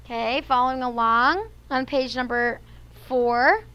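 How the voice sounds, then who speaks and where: Bright-voiced woman teaching a class. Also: sits high, measured pace, clean tone, lo-fi sound. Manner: explains patiently, adds "okay?" after each point. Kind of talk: classroom vocabulary and spelling lesson.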